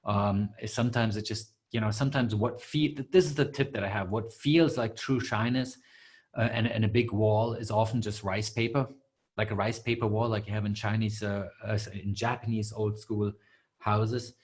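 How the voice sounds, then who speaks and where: A man's voice: lowish voice, fairly even intonation, normal speed. Man coaching on a live webinar. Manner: rambling, many fillers and restarts.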